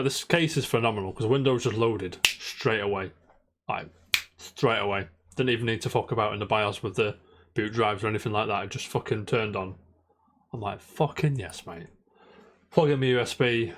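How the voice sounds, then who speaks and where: A man's voice: lowish voice, a little fast, fairly bright tone, slight background noise. A man co-hosting a casual podcast, telling a long rambling story and swearing constantly. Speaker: podcast co-host. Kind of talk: casual chat.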